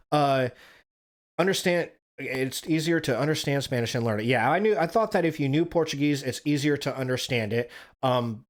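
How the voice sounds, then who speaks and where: A man hosting a podcast who reads articles aloud, then drifts into rambling, profane asides and corrects himself as he goes. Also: medium pitch. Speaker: podcast host. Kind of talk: reading articles aloud and riffing casually.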